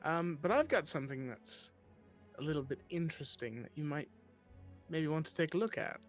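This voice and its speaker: A man's voice: fairly high pitch, lively intonation, moderate pace, faint music behind, natural voice. A man playing a pushy traveler who is trying to talk his way into a trade to find his friend. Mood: persuasive. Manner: smooth-talking, wheedling trader.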